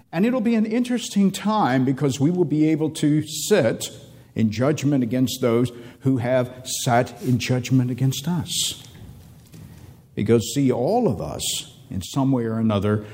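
A man preaching a sermon, reading scripture aloud and stretching words out for emphasis. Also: medium pitch. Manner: animated, drawn-out emphasis, reads scripture aloud.

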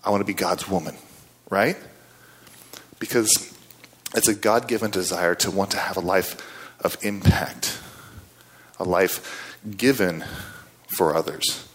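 A man's voice: deep voice, steady tone, unhurried, pauses often, a bit bright, husky. A man preaching a storytelling sermon in an earnest, conversational way, often checking in with his listeners.

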